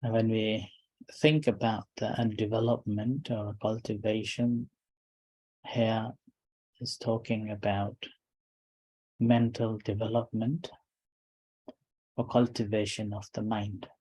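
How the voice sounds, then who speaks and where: Slow calm meditation teacher guy, mellow voice, short phrases w pauses. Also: fairly low pitch, breathy edge, rough recording. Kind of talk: calm dharma talk.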